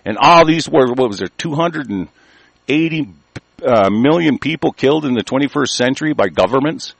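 An older American man giving a profane, angry monologue, reading news aloud and commenting, swinging from low mutters to shouting. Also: animated, normal speed, vocal fry, dry recording, poor audio. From United States.

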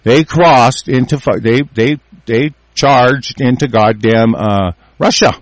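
A man's voice: mid-range voice, slow pace, no room sound. Furious swearing man, dry close sound. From United States. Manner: furious, profane, shouting, repeats and restarts. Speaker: ranting commentator. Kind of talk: profane angry rant.

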